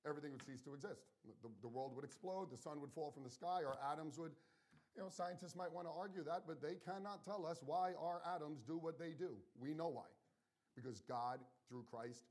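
A man's voice: a little high, a little mellow. Earnest man preaching a sermon. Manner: earnest, personal and conversational, addresses the congregation directly.

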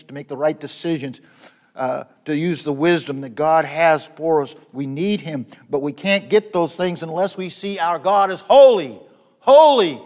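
A man preaching a sermon, rising to loud, high repetitions and dropping to soft, low passages, often restarting his phrases. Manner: repeats words and restarts phrases.

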